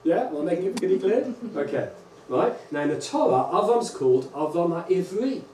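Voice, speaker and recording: A man, a rabbi, giving a lively conference lecture to teachers and often checking in with "right?" and "okay?". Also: sits high, moderate pace. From England. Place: large lecture hall. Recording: echoey hall, distant mic, faint hum.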